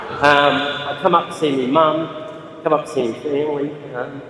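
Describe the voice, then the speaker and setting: A middle-aged Australian man talks off the cuff at a trophy presentation, stumbling through restarts and fillers. His voice booms around a large, reverberant hall and is picked up from well back. A faint hum of the room sits underneath. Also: steady tone, a bit bright. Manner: halting, rambling, frequent restarts. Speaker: eight ball player giving a speech. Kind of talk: impromptu acceptance speech. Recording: echoey hall, distant mic.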